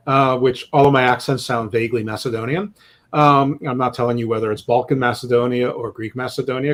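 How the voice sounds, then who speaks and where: A man co-hosting a sports podcast in casual chat, rambling through his points with self-deprecating jokes. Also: medium pitch. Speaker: podcast co-host.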